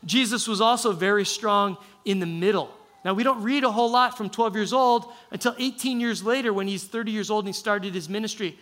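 A man's voice: high-pitched, fairly even intonation, brisk, few pauses, a bit bright. A male pastor preaching a sermon in a casual, conversational way, with frequent restarts.

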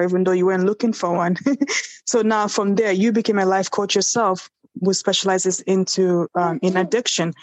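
A woman's voice: mid-range voice, a little mellow, no room sound. A woman interviewing a guest, asking questions and reacting with encouragement.

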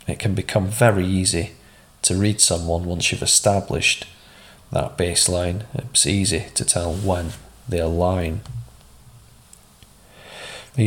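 A man hosting a podcast, giving a measured, conversational talk with a personal story. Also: deep voice. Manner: measured, conversational, with small restarts. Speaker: podcast host. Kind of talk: instructive monologue and anecdote.

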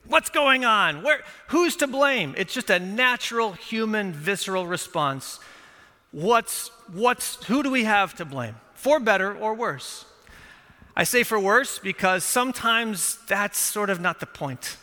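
A man's voice: high voice, sharp tone, in a large hall. A man preaching a sermon as pastor, talking conversationally with folksy asides and self-corrections.

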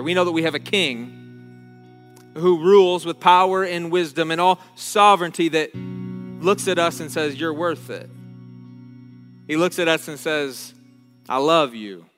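A man's voice: a little high, a bit bright. Earnest man preaching in a reverberant hall. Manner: earnest, halting restarts, slows down on key words. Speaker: pastor. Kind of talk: sermon. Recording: long reverb with faint guitar music.

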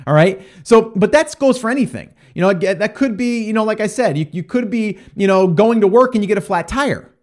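A man's voice: high voice, lively intonation, fairly quick, few pauses. A man giving a casual motivational talk to listeners, rambling and conversational with lots of fillers and restarts. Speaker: parent talking to listeners.

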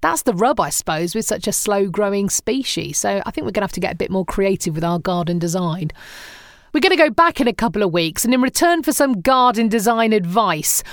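A woman's voice: medium pitch, expressive, a little fast, dry recording, clean studio sound. A woman hosting a chatty news roundup in a wry, conversational way.

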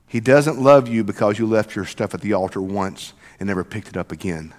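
A man preaching a sermon as pastor, swinging from loud emphatic passages to soft near-whispers. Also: lowish voice, fairly quick, hardly any pauses, in a large hall. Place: church sanctuary.

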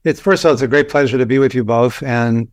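Older male doctor from Texas, relaxed storyteller, dry recording. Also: mid-range voice, quick pace, no room sound. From Texas, USA. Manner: relaxed, anecdotal, many fillers and restarts. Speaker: physician guest. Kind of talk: conversational storytelling.

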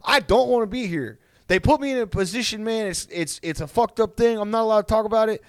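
A man's voice: fast, smooth, no echo, studio quality, close to an everyday voice. A man doing an impression of a sullen, resentful male fighter who complains bluntly. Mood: bitter. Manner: whiny, resentful, high-pitched.

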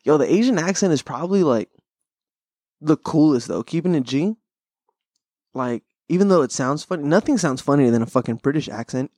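A man's voice: on the high side, lively intonation, brisk, a little mellow, no room sound, studio quality. A young man hosting a podcast, chatting casually in a rambling, profane way, laughing often. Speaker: podcast host. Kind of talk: casual chat.

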